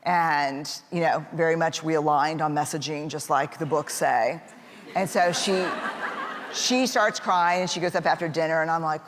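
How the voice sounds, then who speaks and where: A woman's voice: low voice, fairly even intonation, normal speed. A woman telling a personal story about her family in a casual, chatty way, with lots of fillers and bits of laughter. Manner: acts out voices of family members in quotes. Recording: echoey hall with faint background noise.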